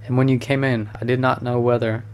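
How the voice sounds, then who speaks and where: A man's voice: medium pitch, level tone, fairly quick, natural voice. A man reading a storybook, voicing a cheerful, worldly male painter who teases his friend. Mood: amused. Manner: teasing, amused. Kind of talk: audiobook reading.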